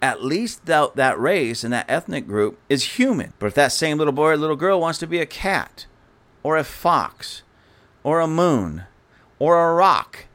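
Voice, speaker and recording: A man's voice: fairly high pitch, very animated, measured pace, a bit bright. A man giving an indignant, sarcastic political commentary rant, speaking scornfully to his audience.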